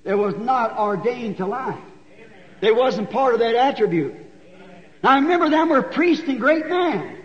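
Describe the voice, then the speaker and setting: A man preaching a sermon in folksy storytelling, sometimes rising to shouts, recorded in a church hall. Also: very high-pitched, expressive, unhurried. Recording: dull recording with long hall echo.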